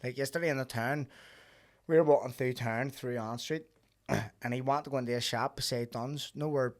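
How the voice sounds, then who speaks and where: A man with a Belfast accent hosting a podcast, telling animated stories with plenty of swearing and acted-out quotes. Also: medium pitch, moderate pace. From Northern Ireland. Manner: animated storyteller, swears freely, acts out quoted voices. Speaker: podcast host. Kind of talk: casual chat.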